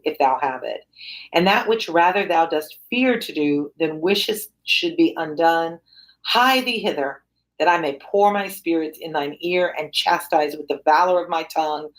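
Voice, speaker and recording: A woman reading the part of a scheming, ambitious noblewoman aloud, slowing on key words. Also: low voice.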